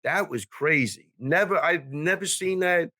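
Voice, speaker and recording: A man with a New York accent, a guest on a fight podcast, talking bluntly in a halting way with many restarts and some swearing. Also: on the high side, pushed and bright, no room sound. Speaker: guest, MMA coach. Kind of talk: casual sports chat.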